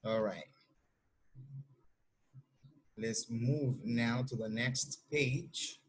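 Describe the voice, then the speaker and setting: Husky-voiced Dominican English teacher. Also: male voice, mid-range voice. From Dominican Republic. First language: Spanish. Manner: slow, explains patiently and models example answers. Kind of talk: classroom lesson explanation.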